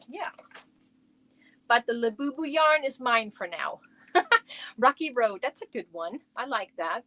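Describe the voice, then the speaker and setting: Woman, higher voice, unhurried, chatty livestream host reading viewer comments. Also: a bit bright, no echo, low-quality recording. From Germany. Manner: chatty, reacts to viewer comments while showing yarn. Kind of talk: casual livestream chat. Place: at home.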